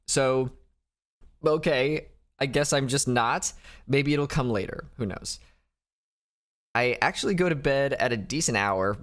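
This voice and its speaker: A young adult man narrating a casual recovery diary vlog, candid and rambling, often breaking off with small laughs. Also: medium pitch. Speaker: vlogger.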